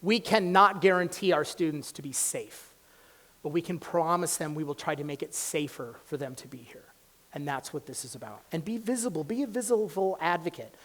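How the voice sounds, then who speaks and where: In a campus hall, a man who teaches college gives a passionate public lecture, moving from loud exhortation to quiet storytelling. He speaks a little fast, in a slightly high voice.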